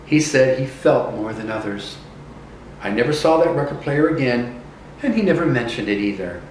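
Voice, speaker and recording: A man's voice: mid-range voice, very animated, normal speed, darkish tone, a little hiss or hum, natural voice. A man reading aloud as a young boy puppet recalling his past with remorse, in a hesitant, confessional way. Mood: sorrowful. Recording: echoey room from a distance.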